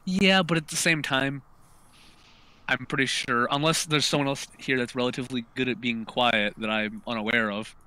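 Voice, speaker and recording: A man's voice: mid-range voice, steady tone, moderate pace, sharp tone, clean tone. A man playing a tabletop game, chatting casually and thinking aloud in a talkative, hesitant way. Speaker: player.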